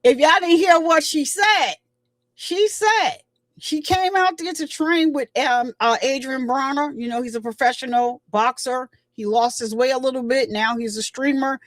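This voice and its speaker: A woman's voice: sits high, normal speed, dry recording. A woman hosting her own channel, giving casual, emphatic commentary and retelling what people said. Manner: chatty, emphatic, retells quotes.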